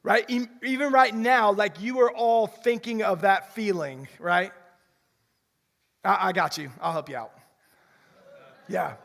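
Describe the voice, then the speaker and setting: A young man preaching a lively sermon as pastor, often repeating words as he restarts a sentence. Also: high voice, measured pace, creaky, pauses often. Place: church sanctuary. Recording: long reverb of a church hall.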